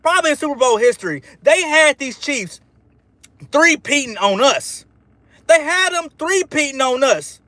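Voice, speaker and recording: A man livestreams in a casual, fired-up ramble, trash-talking and answering chat while tossing "man" into nearly every sentence. His voice sits very high and sounds bright and forceful. The recording is dry and close, with no room sound. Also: lively intonation, normal speed, no echo. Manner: peppers speech with "man". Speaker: sports fan livestream host. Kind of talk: casual live-stream reaction while reading chat.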